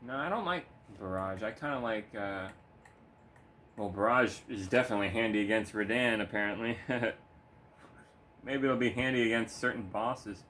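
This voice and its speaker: A man's voice: fairly low pitch, moderate pace, fairly bright tone, a little hiss or hum. A man giving casual, laid-back gameplay commentary at home, swearing freely and cooing at his cat between remarks. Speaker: gaming video creator. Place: home room.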